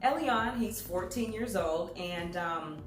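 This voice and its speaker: Animated woman telling a story, echoey room. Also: fairly low pitch, slow pace. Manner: animated, acts out voices in her stories. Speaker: public speaker. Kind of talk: storytelling talk to an audience. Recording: echoey room with faint music.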